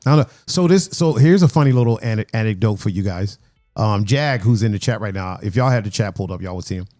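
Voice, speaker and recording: A man's voice: lowish voice, animated, quick pace, a little mellow, faint music behind. A man hosting a casual birthday podcast with friends, rambling and laughing often. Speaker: podcast host.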